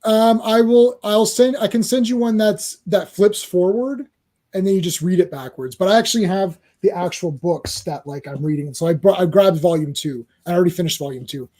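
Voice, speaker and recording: A man hosting a comics podcast in casual chat, excitable and full of stammering restarts. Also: sits high, normal speed. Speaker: podcast host.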